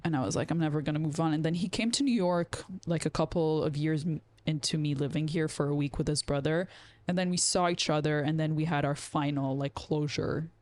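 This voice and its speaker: A woman from Lebanon, a comedian telling a story in casual podcast chat, animated and swearing freely. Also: low-pitched, fairly quick. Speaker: comedian guest.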